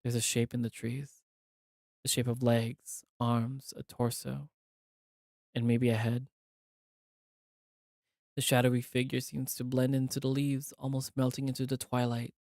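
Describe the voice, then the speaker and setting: A man's voice: mid-range voice, measured pace, creaky, long pauses, dry recording, studio quality. A man streaming as he reads a visual novel aloud and voices its characters in a dramatic way. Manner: dramatic reading, animated asides.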